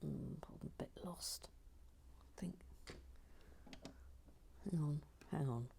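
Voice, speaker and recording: A woman hosting a LEGO building channel, chatting casually and playfully as she builds and reads out viewer messages, often dropping into soft whispers and muttering to herself. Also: low voice, takes it slowly, gravelly, slight background noise. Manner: hums and mutters while working.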